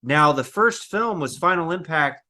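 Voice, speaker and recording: A man's voice: fairly high pitch, animated, sharp tone, slight background noise. A man hosting an interview, asking long questions and dropping in short agreements. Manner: asks long questions, quick short backchannels. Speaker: host, interviewer.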